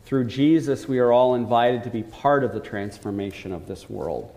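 A man preaching a sermon, telling a story earnestly and slowing down to stress key points. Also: mid-range voice, dark tone. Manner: earnest storytelling, slows for emphasis. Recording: long hall reverb.

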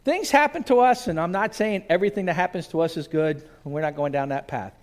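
A man's voice: high-pitched, quick pace. A male pastor preaching a sermon to a congregation in a church, telling stories and acting out scenes. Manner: storytelling, animated, acts out scenes.

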